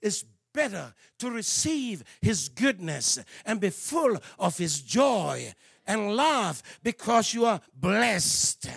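Preacher, male; high and gravelly voice, dry close sound, swings from hushed asides to shouts. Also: very animated, unhurried, no room sound. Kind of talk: sermon.

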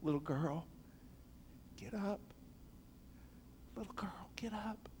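A preacher softly voicing a gentle, hushed man. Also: fairly high pitch, expressive, unhurried, a little hiss or hum. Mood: hushed tender. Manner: hushed, soft-spoken.

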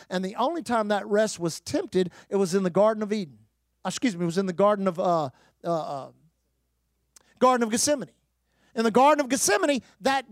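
A man preaching a sermon, emphatic, with rhetorical questions, repeated phrases and occasional shouted bursts. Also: high-pitched, dry recording, studio quality. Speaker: pastor.

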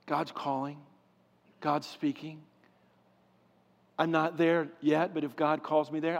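A man preaching a sermon with passion, swinging from loud pleading to hushed, quiet stretches. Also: fairly high pitch, little pitch movement, takes it slowly, pauses often. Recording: long hall reverb.

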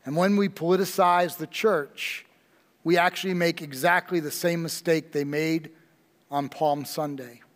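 Slow, high-voiced preaching man. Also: fairly even intonation, big-room sound. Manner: slow, emphatic preaching with dramatic pauses. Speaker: pastor. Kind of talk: sermon.

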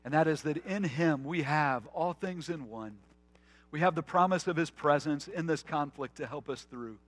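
A man in the pulpit delivers a conversational sermon, slipping into stories and restarting his phrases as he goes. His voice sits a little high for a man, and he drops to a quiet, slow register for emphasis. The sound is dry and close. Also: dry recording. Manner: earnest, storytelling, with frequent restarts. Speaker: pastor.

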